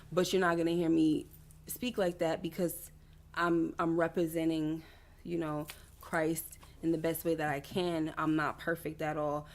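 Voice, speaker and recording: Lady on a faith livestream chatting straight to viewers, lowish voice, rambly and honest. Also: darkish tone. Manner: candid, confessional, talks straight to viewers; rambling with frequent restarts and asides. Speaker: host of a faith-based wellness livestream; doctoral student. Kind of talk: casual livestream chat.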